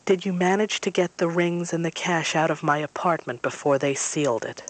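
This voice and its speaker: A woman's voice: sits low, moderate pace. A woman reading as a murmuring, irritable old mother. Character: dying elderly mother, irritable, fixated on money.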